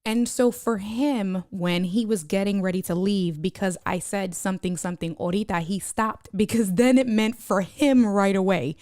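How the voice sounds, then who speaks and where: A woman chatting on her live stream, telling a lively story, laughing often and reading viewer comments aloud. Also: medium pitch, moderate pace, hardly any pauses, no room sound, studio quality. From United States. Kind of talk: casual live-stream chat.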